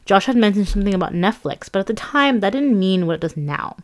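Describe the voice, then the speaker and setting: A woman narrating her own memoir for an audiobook, at an ordinary middle pitch for a woman. She tells it conversationally, lively and quick to poke fun at herself. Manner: conversational, lively, self-mocking.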